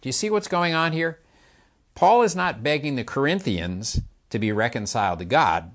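An older man preaching a sermon, explaining slowly and asking the listeners questions as he illustrates with his hands. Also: medium pitch, animated, a bit bright.

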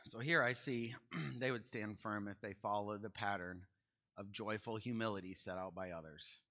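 A young man teaching a Bible study in a conversational, animated way, asking his listeners questions. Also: lowish voice, moderate pace.

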